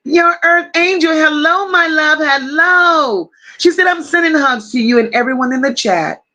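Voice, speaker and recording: A woman hosting a casual livestream, slowly greeting viewers by name and reading their comments aloud. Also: high voice. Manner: warm drawn-out greetings with endearments. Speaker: livestream host.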